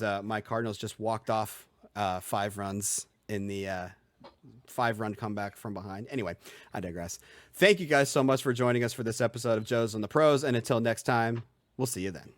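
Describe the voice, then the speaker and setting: A man's voice: medium pitch, a little fast, no room sound, studio quality. A man hosting a casual sports podcast, rambling a little, trailing off mid-sentence and laughing easily. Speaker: podcast host.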